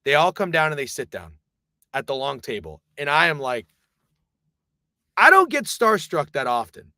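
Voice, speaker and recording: A man streaming live, telling a long rambling story in casual, profane, animated talk. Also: a little high, normal speed, no room sound, clean studio sound.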